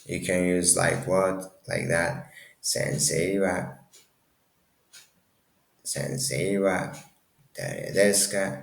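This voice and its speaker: Deep gravelly guy teaching a language class, slow and echoey. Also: expressive. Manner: halting, many restarts and self-corrections. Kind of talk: casual language lesson.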